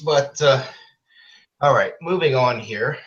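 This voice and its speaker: A man's voice: mid-range voice, slow pace, fairly bright tone. A man hosting a casual live video chat from home, rambling and often breaking off to scold his pets. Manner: rambling, scolding his cats mid-talk. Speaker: host. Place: home room. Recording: roomy lo-fi webcam audio.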